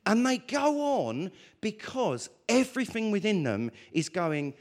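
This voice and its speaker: A male preacher delivering a sermon, his voice sitting a little high and swinging widely in pitch. He keeps it animated, stepping into prayers and bits of dialogue as he explains scripture. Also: unhurried.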